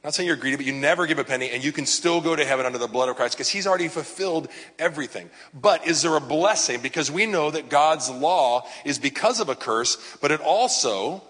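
A man's voice: a little high, lively intonation, brisk, hardly any pauses, fairly bright tone, big-room sound. A man, a pastor, preaching in a casual, conversational way with frequent fillers and asides. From Southern California. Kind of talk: sermon.

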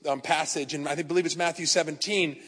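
A man's voice: fairly high pitch, steady tone, quick pace, fairly bright tone. A male pastor preaching a sermon in a conversational, storytelling way, talking straight to his congregation. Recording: long hall reverb.

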